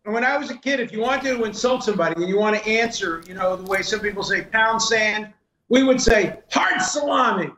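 An older man with a high voice tells stories and tastes food in a casual studio chat. He savors each bite and talks with emphasis. The room is echoey, with faint noise underneath. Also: fast talker, hardly any pauses, bright, forceful tone. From United States.

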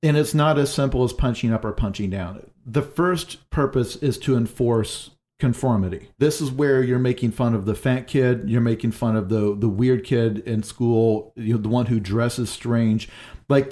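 A man's voice: medium pitch, warm tone. A man talking through ideas in a casual panel discussion, thinking aloud with many fillers. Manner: loose, thinking aloud with frequent "like".

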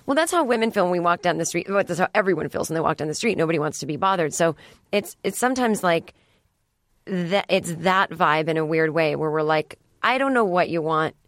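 A woman comedian in her thirties hosting a podcast, chatting in a casual, animated way from a studio and slipping into playful voices for the people she quotes. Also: lowish voice, a little fast, no echo.

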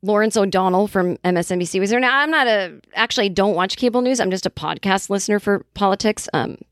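A woman's voice: mid-range voice, fast, no echo, studio quality. A woman from Boston, a comedian chatting casually on a podcast, rambling through tangents with plenty of swearing and fillers. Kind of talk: casual chat.

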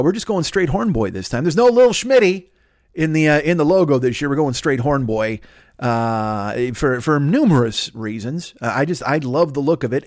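A man's voice: mid-range voice, no echo, clean studio sound. A man hosting his own podcast alone, riffing in a profane, rambling comedic monologue that jumps between tangents. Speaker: podcast host. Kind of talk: solo comedic podcast rant.

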